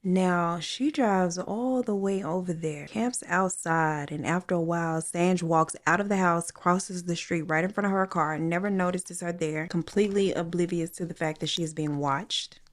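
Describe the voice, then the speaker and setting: A woman with a fairly low voice tells a true crime story in a relaxed, chatty way. She drops casual slang and talks straight to her viewers, like catching up with friends. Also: normal speed, few pauses. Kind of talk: casual true crime retelling while coloring.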